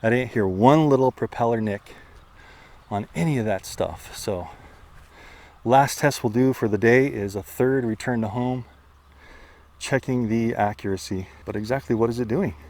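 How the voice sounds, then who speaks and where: A man doing excitable, casual commentary outdoors while flying and chasing a drone, out of breath at times. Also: mid-range voice, moderate pace. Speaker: drone reviewer. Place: outdoors among trees.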